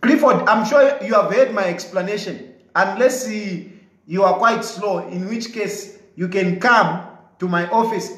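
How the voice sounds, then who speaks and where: A man with a Zambian English accent argues his case hard, hammering the same points again and again. His voice sits high for a man. The sound carries a roomy echo. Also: a little slow, fairly bright tone. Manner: emphatic, combative, repeats his points. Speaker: commentator answering viewers' comments. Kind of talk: live commentary replying to viewer comments.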